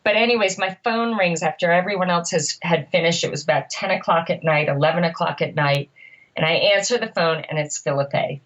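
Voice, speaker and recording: A middle-aged woman, a triathlon coach co-hosting a podcast, telling a story in an animated, emphatic way. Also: lowish voice, brisk, dull audio.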